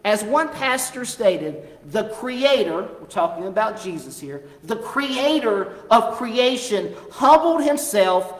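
Slow, emphatic preacher in an echoing hall. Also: medium pitch, sing-song. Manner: emphatic, repeats key phrases for stress. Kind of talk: sermon. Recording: echoey hall with long reverb.

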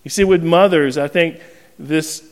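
A man in his thirties preaching in a church, his voice a touch higher than most men's. He tells the story with animation and gentle self-mockery, acting out scenes as he goes. His voice rings with the long reverb of a large hall. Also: measured pace. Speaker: pastor. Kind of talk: storytelling sermon.

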